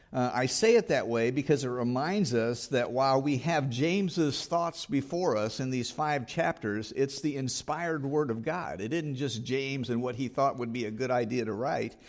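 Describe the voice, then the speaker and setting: A man's voice: medium pitch, darkish tone. A man preaching a Sunday sermon as pastor, earnest, reading scripture aloud and rising in emphasis on key points.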